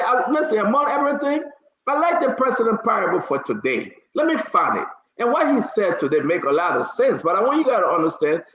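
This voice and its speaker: A man's voice: sits high, echoey room, muffled recording. A man hosting a heated political talk stream, emphatic, often repeating words as he starts. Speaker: talk show host.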